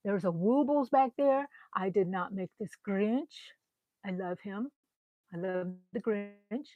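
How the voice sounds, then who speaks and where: A middle-aged woman talks her way around a small home craft room on a live stream, rambling cheerfully from one shelf to the next. Her voice sits at an ordinary middle pitch and sounds close and dry, with no room echo, as if captured on a phone held nearby. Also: slow pace, lo-fi sound. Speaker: crochet vlogger. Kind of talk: casual live-stream chat.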